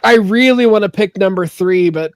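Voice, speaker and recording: Tipsy, profane, high-voiced man. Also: normal speed, no echo, studio quality. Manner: drunk, loud, profane banter. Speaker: podcast co-host. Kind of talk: casual party-game chat.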